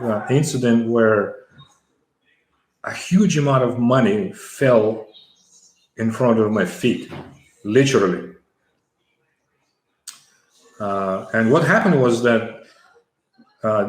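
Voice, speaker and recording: A middle-aged man from the former Soviet Union, telling a long story as an interview guest, with many fillers and restarts. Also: on the low side. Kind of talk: conversational storytelling. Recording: echoey room.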